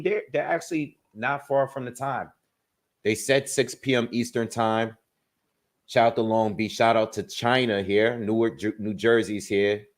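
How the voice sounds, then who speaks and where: A man hosting a casual boxing livestream, reading out where his viewers are from in quick bursts and thinking aloud as he gives his predictions. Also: medium pitch.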